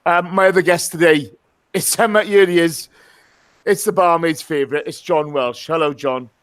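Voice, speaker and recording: A man's voice: on the high side, moderate pace, a bit bright. Chatty English man hosting a podcast. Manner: chatty, jokey, swears freely. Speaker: podcast host. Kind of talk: casual football podcast chat.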